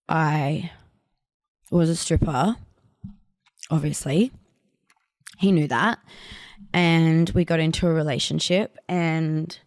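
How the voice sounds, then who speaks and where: Young woman, frank podcast monologue, lowish voice, dry close mic. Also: a little mellow, no echo. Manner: frank and blunt, heavy on fillers like "like". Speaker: podcast host. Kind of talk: candid personal monologue.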